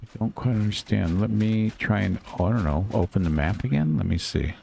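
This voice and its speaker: A man with a very low, gravelly voice narrates his game as he plays, thinking out loud and grumbling when things go wrong. There is a faint hiss of noise under the recording. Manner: muttering to himself, quick to get frustrated and swear. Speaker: gaming channel host. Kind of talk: casual gameplay commentary.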